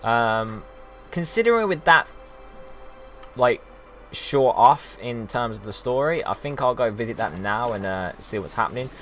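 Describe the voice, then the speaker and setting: A man's voice: medium pitch, animated, unhurried, fairly bright tone, soft background music. Rambling young man from the UK, gaming commentary. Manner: rambling, exclamatory, lots of ums. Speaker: gaming streamer. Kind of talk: casual let's-play commentary.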